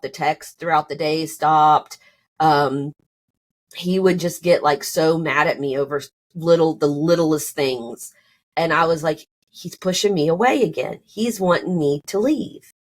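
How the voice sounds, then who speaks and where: At a measured pace and in a low register, a woman relates her own story on a podcast, casual and animated. She uses lots of "like" and "you know," and her voice rises as she performs both sides of the arguments.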